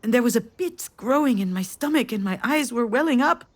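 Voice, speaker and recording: In an animated, brisk, slightly high voice, an actress portrays a mother recounting a family memory to her adult daughter. Her tender storytelling swells as the emotion rises.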